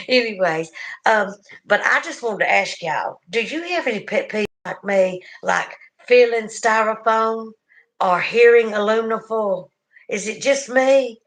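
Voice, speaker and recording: A middle-aged woman with a Southern US accent hosting a casual livestream, chatting warmly with viewers and laughing often. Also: a little high, slow pace. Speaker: livestream host.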